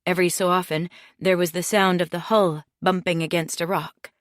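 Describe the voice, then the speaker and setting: A woman reading a mystery audiobook in steady, measured scripted narration. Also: on the low side, dry recording, clean studio sound.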